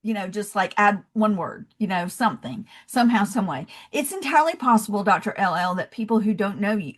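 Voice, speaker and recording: A woman with a Southern US accent, a podcast guest who talks in a lively way and acts out little scenes in voices. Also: mid-range voice. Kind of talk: conversational interview.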